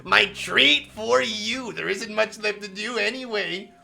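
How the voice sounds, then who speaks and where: A man voicing a gentle, doting mother in a visual novel he reads aloud, speaking slowly and softly with a grin. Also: high-pitched, gravelly, soft background music, voice pushed up, exaggerated voice. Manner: slow, sweet and soft-spoken, reading with a grin.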